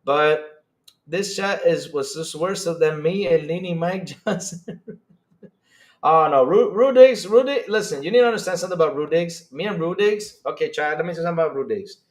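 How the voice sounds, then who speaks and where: A man hosting a live stream, reading chat aloud and reacting with excitable disbelief and frequent laughter. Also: on the high side. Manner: excitable, incredulous, laughing, rapid swings in loudness.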